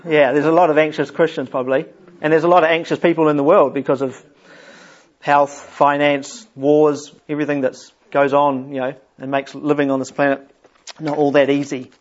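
A man's voice: fairly high pitch, little pitch movement, normal speed, lo-fi sound. Chuckling man leading a casual Bible talk. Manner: chatty, chuckles often, friendly asides. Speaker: Bible study leader. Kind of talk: informal Bible talk to a group.

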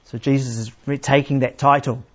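A man preaching a sermon in a plain, unhurried teaching manner, asking his listeners questions. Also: medium pitch, little pitch movement. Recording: slightly dull, lo-fi sound.

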